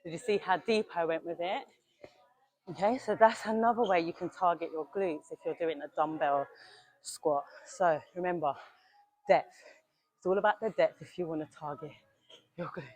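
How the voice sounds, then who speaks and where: A young woman coaching in the gym speaks at a normal pace but leaves long pauses, her fairly low voice carrying a darkish tone. As a fitness coach she's direct and casual with "you lot," slightly breathless while demonstrating.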